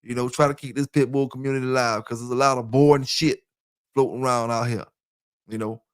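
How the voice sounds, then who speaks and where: A man's voice: mid-range voice, steady tone, fairly quick, smooth, no echo. Rambling man on a dry headset mic. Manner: loose, rambling, talks straight to listeners. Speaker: dog kennel channel host. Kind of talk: casual livestream chat. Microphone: headset with earphones.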